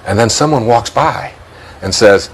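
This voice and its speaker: A man's voice: medium pitch, measured pace, husky, low-quality recording. Musing man with a Detroit accent. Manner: musing, chuckles often, repeats words as he thinks. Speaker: interview guest. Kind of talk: reflective spiritual interview talk.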